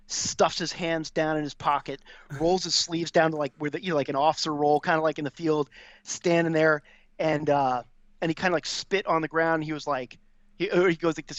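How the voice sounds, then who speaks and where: A man, a former Marine officer, telling anecdotes as a podcast guest in a quick, animated way with many fillers. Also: a little high, no echo, muffled recording. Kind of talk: casual storytelling.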